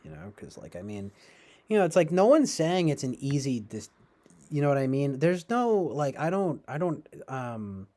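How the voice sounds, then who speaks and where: A man's mellow, medium-pitched voice has a sing-song lilt and a moderate pace. On his live stream he chats in a rambling, casual way, tossing in sarcastic asides, laughing frequently, and trailing off.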